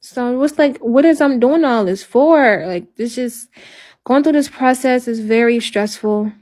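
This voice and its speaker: A halting, despairing woman livestreaming. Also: on the high side, darkish tone. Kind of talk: emotional livestream talk.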